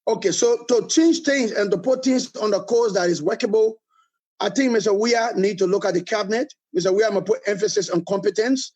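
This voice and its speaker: High-voiced Liberian man, emphatic. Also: a little fast, a little mellow, low-quality recording. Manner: emphatic, repeats points for force. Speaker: political movement leader, guest. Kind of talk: interview answers, political criticism.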